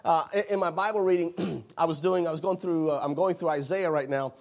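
A man preaching a sermon, animated, repeating phrases and acting out the voices in the scripture he reads. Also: on the high side, brisk, vocal fry.

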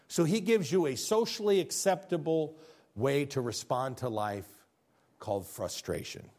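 A man preaching a sermon, acting out everyday scenes with lively voices and dropping low and quiet for his earnest points. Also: slightly rough. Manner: animated, acts out scenes and quotes. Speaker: pastor.

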